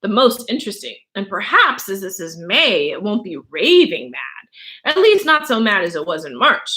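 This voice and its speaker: A woman voicing a curious, polite young girl in a storybook reading, with a high, earnest, questioning voice. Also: big pitch swings, normal speed, sharp tone.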